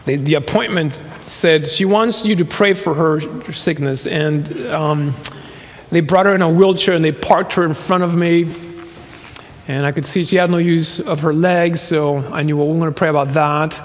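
A man's voice: fairly high pitch, moderate pace. A man in his fifties preaching a sermon in a church hall, telling a personal story with laughs and quoted voices. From Nicaragua and the US. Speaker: pastor.

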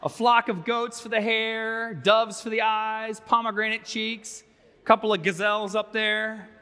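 A man's voice: high voice, flat delivery, unhurried, bright, forceful tone, clear, resonant tone. A man pastor giving a sermon, conversational with wry asides, in a church sanctuary. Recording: long reverb of a large sanctuary.

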